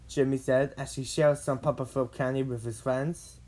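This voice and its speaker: A woman narrating a children's storybook read-along with expressive, dramatic delivery. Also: rumbling low, normal speed.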